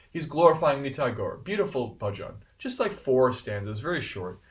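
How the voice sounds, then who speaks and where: Guy teaching a scripture class, earnest and animated, keeps repeating himself for emphasis, mid pitch, sounds a bit far off the mic. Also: normal speed, hardly any pauses. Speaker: speaker giving a scripture class. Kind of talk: devotional class talk.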